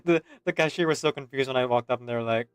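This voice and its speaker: A man's voice: medium pitch, racing, clear, resonant tone, no room sound, faint music behind. A man streaming a game, telling a rambling, self-mocking story and laughing often. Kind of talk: casual gaming stream chat.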